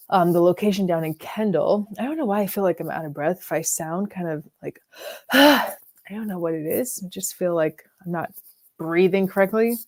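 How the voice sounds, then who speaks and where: Young woman, lowish voice, dry close sound; casual rambling live-stream chat. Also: darkish tone, dry recording. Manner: chatty, rambling, laughs often. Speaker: fragrance vlogger.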